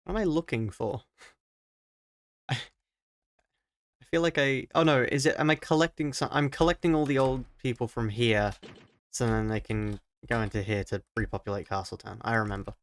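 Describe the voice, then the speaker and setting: An Australian man streaming a game live, rambling and mocking himself as he thinks out loud at a home desk mic. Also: medium pitch, moderate pace, long pauses. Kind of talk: live let's-play commentary.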